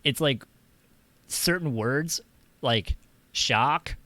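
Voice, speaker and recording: A man's voice: medium pitch, extremely slow, pushed and bright, dry recording. An American man hosting a casual chat, rambling and laughing often. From United States. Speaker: host.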